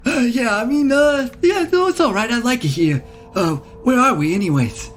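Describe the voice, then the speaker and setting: A man's voice: very high-pitched, expressive, moderate pace, soft background music, pitched above the performer's own voice. A man voicing a brash, streetwise male imp with a Queens accent, rambling and full of fillers. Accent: New York Queens.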